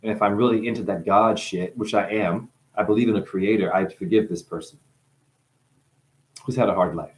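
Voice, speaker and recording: A man with a New Jersey accent giving a rambling spiritual monologue as a livestream host. He swears freely and swings from loud bursts to hushed musing. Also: fairly low pitch, fairly even intonation, normal speed.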